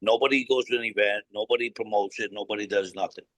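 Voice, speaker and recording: A man's voice: fairly low pitch, steady tone, fast talker, dry recording, rough recording. A blunt, no-nonsense man, a cigar company founder, telling a story in an interview, acting out both sides of a conversation and swearing freely.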